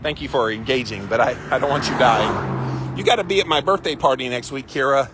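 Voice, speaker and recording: Out on a walk, the host of a weekly live stream talks briskly in a medium-pitched voice. He's chatty and opinionated, reacting to viewer comments and drawing out phrases for emphasis over background outdoor sounds.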